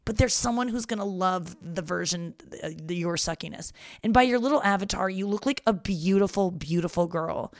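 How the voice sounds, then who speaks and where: A woman's voice: mid-range voice, moderate pace, few pauses, no echo, clean studio sound. A young woman hosting a casual advice podcast, frank and profane, talking a listener through heartbreak in a reassuring way. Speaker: podcast host giving advice.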